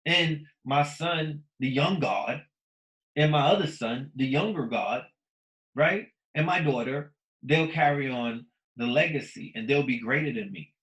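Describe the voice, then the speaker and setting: A man in his thirties holds forth in a casual podcast monologue, his voice sitting at an ordinary pitch. He preaches with animated swings between loud, emphatic bursts and low mutters, swearing freely. The room around him gives a noticeable echo. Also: a little slow. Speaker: podcast host.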